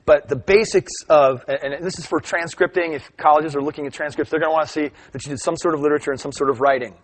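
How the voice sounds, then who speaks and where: A middle-aged man giving a live teaching talk, lively and chatty, often checking in with "right?". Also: fairly high pitch, fast talker. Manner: animated storytelling, asks "right?" often. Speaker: workshop presenter.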